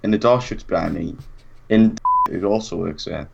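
A young man spins a lively story, voicing everyone he quotes and laughing along as he goes. His voice sits low. The recording sounds dull and lo-fi. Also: normal speed, creaky, breathy edge. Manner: animated anecdote, acts out quotes, laughs often. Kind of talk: casual chat.

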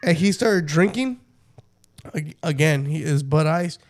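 A man's voice: a little high, a little slow. A young man telling a rowdy story to friends in casual chat, swearing often and laughing as he goes. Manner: profane, laughing, animated storytelling.

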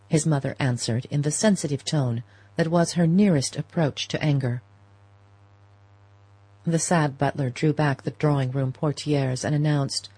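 A woman narrating a classic novel as an audiobook in a measured, storytelling manner. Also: sits low, steady tone, mellow, breathy edge, no room sound, rough recording. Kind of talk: scripted literary narration.

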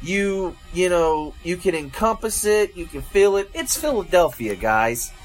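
A man's voice: high-pitched, sing-song, a little slow. A man from Georgia, hosting a casual food review and chatting to viewers as folks and guys. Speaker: food reviewer, show host.

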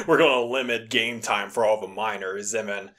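A man's voice: fairly low pitch, expressive, moderate pace, bright, forceful tone. A man co-hosting a casual podcast in a laid-back way. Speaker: podcast co-host. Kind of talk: casual chat.

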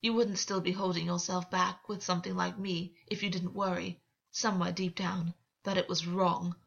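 A woman reading the lines of a defiant captive male former king in an audiobook, with a raspy, coaxing, provoking delivery. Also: lowish voice, flat delivery, moderate pace, lo-fi sound. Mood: persuasive.

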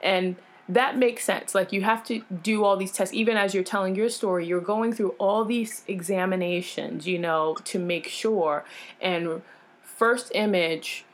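A woman's voice: medium pitch, unhurried. A woman guest in an interview, frankly and emotionally retelling a personal experience in casual talk, full of fillers and restarts. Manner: animated, acts out others' lines in changed voices.

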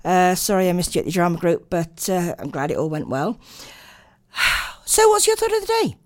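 A woman's voice: on the low side, sing-song, normal speed, no echo, studio quality. A tired woman hosting late-night radio, chatting and rambling with lots of ums. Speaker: radio host.

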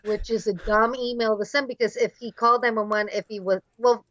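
A woman with a bright, slightly high voice co-hosts a casual podcast, telling stories with giggles and lots of fillers. The recording is dry and close but a little dull and lo-fi. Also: steady tone, a little fast, no room sound. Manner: giggly storyteller, chatty with filler words. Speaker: podcast co-host. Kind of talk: casual chat.

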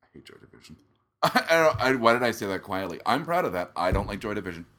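A man's voice: on the low side, sing-song, quick pace, pushed and bright. A man co-hosting a podcast in casual banter, joking and rambling with many fillers and restarts, close to a studio mic. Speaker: podcast co-host. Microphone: studio microphone close up.

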